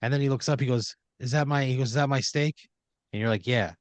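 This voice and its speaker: Over background noise, a man with a mid-range voice talks fast while hosting a comedy podcast. He improvises a rambling second-person story packed with fillers, now and then jumping into quoted voices.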